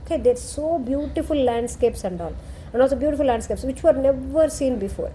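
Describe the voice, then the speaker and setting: A woman's voice: high-pitched, animated, brisk, warm tone, a little hiss or hum. A woman retelling a scripture story and explaining it. She keeps checking in with her listener. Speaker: scripture teacher.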